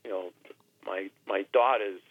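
A man in his sixties, a radio guest, speaking haltingly and emotionally, repeating words and with his voice sometimes breaking. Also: fairly low pitch, no room sound. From New Hampshire. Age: 60s. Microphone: telephone. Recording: tinny phone line.

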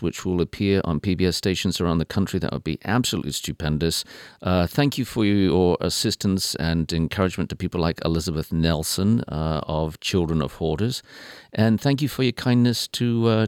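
Deep-voiced male interview host. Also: clean tone, dry recording, clean studio sound. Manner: warm and formal, blesses his guest.

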